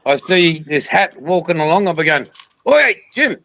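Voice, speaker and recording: A man's voice: a little high, fairly even intonation, moderate pace, fairly bright tone, no room sound, rough recording. An Australian man hosting a casual livestream, joking and bantering crudely with guests and viewers. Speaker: livestream host. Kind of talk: casual live chat.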